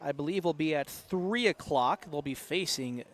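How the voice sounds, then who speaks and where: Brief: male play-by-play announcer, slightly high voice, relaxed sign-off delivery. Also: moderate pace. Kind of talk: live sports commentary. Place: outdoor stadium press box.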